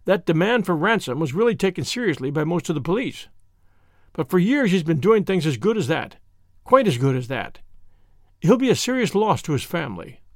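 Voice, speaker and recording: A man's voice: on the high side, sing-song, a little fast, no room sound, clean studio sound. A man voicing a brusque, voluble Italian police officer, read in a story. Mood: grudging admiration. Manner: voluble and blunt.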